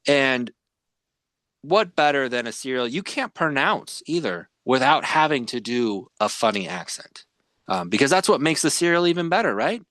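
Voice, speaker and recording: A man's voice: mid-range voice, big pitch swings, normal speed, a bit bright, no echo, studio quality. A man hosting a podcast, chatting casually and rambling with many fillers. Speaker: podcast host. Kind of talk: casual chat.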